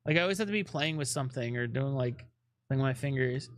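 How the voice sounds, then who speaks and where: A man's voice: mid-range voice, expressive, quick pace, no room sound. A man chatting casually on a live stream, rambling with lots of fillers, swearing often and fidgeting restlessly.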